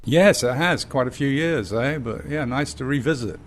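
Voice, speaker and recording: A man's voice: medium pitch, normal speed, a little hiss or hum. An older man from England with an English accent, a cider company founder telling stories in a rambling, filler-laden way as an interview guest. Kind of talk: storytelling in conversation. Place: bar of a small pub.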